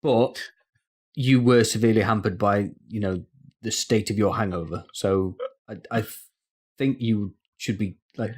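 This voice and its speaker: A man's voice: lowish voice, fairly even intonation, measured pace, a little mellow, husky. A man co-hosting a casual gaming podcast, trading jokes and easy banter. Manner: joking banter. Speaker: podcast co-host.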